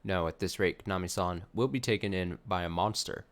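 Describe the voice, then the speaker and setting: Let's-play host: low-voiced man, reads the game text, sarcastic asides. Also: brisk. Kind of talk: reading game dialogue aloud with commentary.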